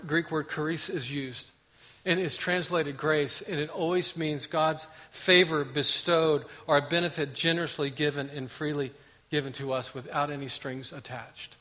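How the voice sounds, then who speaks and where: A man delivering a sermon, his voice bright and sitting a little above the usual male range. He moves from loud, insistent preaching to quiet, hushed stretches. The sound carries the long reverb of a large hall, as in a church sanctuary. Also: a little high, steady tone, normal speed. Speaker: pastor.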